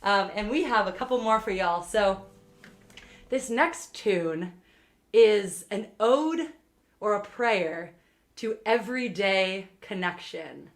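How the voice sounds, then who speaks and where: A young singer-songwriter chats between songs during a livestreamed set, rambling with plenty of ums and uhs. Her mid-range voice has lively intonation and she takes it slowly, with guitar music in the background.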